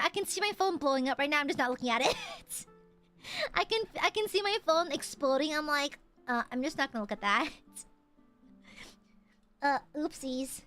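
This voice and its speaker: A woman's voice: high-pitched, bright, forceful tone. A young woman streamer chatting casually and playfully with her viewers, often giggling and reading chat aloud.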